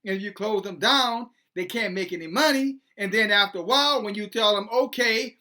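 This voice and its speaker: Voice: mid-range voice, a little fast, pushed and bright. An online commentator who reads news aloud and preaches about it in a sarcastic way, full of rhetorical questions.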